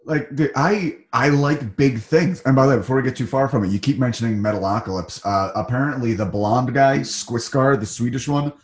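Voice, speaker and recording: A man's voice: mid-range voice, a little fast, few pauses, roomy sound. A man guesting on a podcast, chatting in a laid-back, knowledgeable way with casual swearing. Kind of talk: casual chat.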